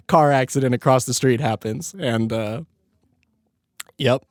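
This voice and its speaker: A young man on a podcast tells a story in an easygoing, slangy way, breaking into laughter again and again. His voice sits in an ordinary middle pitch. It is recorded dry and close, with no room sound. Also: moderate pace, no echo. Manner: laid-back, laughs often, heavy swearing and slang. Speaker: podcast host. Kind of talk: casual storytelling.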